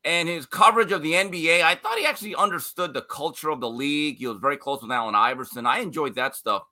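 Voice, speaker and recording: Opinionated man, bright animated voice. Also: on the high side. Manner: opinionated, fast bursts, quoting others in put-on voices. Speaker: sports writer guest. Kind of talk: opinionated sports commentary.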